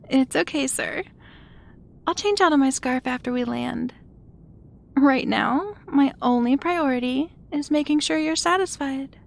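Woman, high voice, unhurried, breathy, giggly, teasing, flight attendant role-play. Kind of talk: adult audio role-play.

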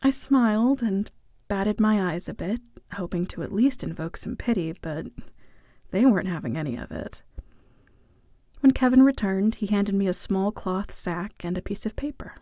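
A woman narrating a first-person story in a wry, playful way, dropping into soft whispered asides. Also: mid-range voice, animated, moderate pace, no echo, clean studio sound.

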